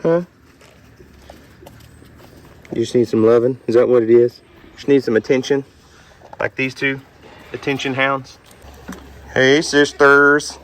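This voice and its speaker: Man, mid-pitched, joking banter with livestock outdoors, faint farmyard noise. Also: level tone, moderate pace, long pauses, a bit bright. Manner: joking, coaxing, talks to animals like pals. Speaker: homesteader vlogger. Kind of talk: casual chat to farm animals. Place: outdoors at a barn.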